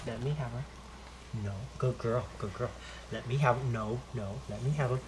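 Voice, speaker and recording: A man talks outdoors on a farm at an ordinary pitch, firing off short commands and praise to his working dogs. He is a little bossy and very encouraging. Clear outdoor noise sits behind him the whole time. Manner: bossy, gives quick directions. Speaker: host, pest control dog handler. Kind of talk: casual outdoor commentary.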